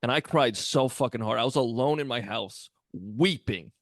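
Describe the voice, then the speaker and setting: Male podcast co-host, gravelly, dry close sound, animated storyteller who swears a lot. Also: mid-range voice, normal speed, no room sound. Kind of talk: casual comedic chat.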